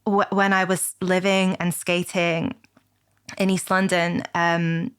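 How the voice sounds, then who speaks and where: A Scottish woman with a smooth, resonant voice talks in a podcast interview. She sits a little low in pitch and speaks with earnest, thoughtful care, often pausing to find her words. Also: level tone. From Scotland. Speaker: guest, skate club founder.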